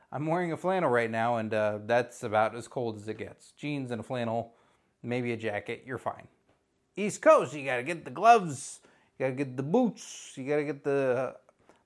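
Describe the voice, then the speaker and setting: A man from Southern California in his thirties, hosting a podcast as a casual solo chat, rambling and joking at his own expense. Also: mid-range voice. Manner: rambling, self-mocking, jokey, with animated put-on voices. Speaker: podcast host.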